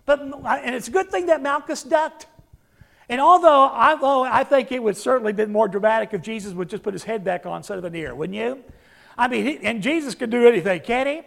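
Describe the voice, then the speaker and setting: A man's voice: very high-pitched, fairly quick, creaky, a bit bright. A male pastor preaching a sermon, emphatic, acting out the words of the figures he quotes and putting questions to the congregation.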